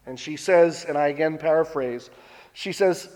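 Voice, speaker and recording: A man giving a sermon, retelling a scripture story in a relaxed, conversational way. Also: fairly high pitch, moderate pace, long reverb tail. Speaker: preacher.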